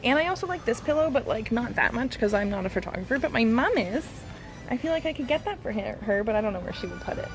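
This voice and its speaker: Brief: woman vlogger, casual giggly chat, slightly high voice, clear background music. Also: animated, fast. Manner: chatty, giggly, self-deprecating.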